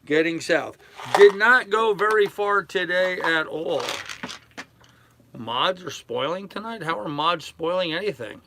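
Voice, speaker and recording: An older man live-streaming from his sailboat in a harbor, chatting casually with his chat in a relaxed, rambling way full of fillers. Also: sits high, measured pace, a little hiss or hum. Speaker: sailing vlogger reading live chat.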